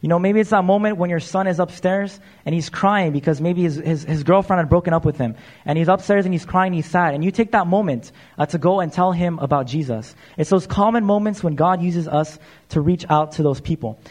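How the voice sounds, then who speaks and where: A man with a high-pitched voice preaches in a church. He talks loosely and conversationally, with plenty of "uh" fillers, and keeps addressing the congregation as "you guys". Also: a little fast, a little mellow. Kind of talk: sermon.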